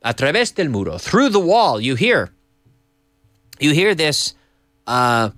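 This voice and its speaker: A man hosting a live English lesson from an office, explaining pronunciation in an animated, repetitive way and slipping in Spanish phrases. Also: a little high, slow pace, dry recording, clean studio sound. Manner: animated, repeats and restarts, slips in Spanish phrases. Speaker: English teacher and show host.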